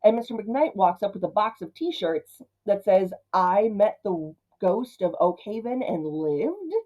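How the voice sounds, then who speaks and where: A woman's voice: mid-range voice, expressive, mellow, poor audio. Chatty woman reviewing a cartoon movie. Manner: chatty, jumps into quick character voices. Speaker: film reviewer. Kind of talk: casual commentary.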